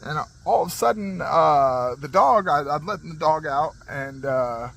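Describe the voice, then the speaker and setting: High-voiced animated man telling a story. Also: unhurried, creaky, poor audio. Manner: rambling and animated, with many fillers and restarts; laughs as he talks. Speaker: channel host. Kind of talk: casual storytelling monologue.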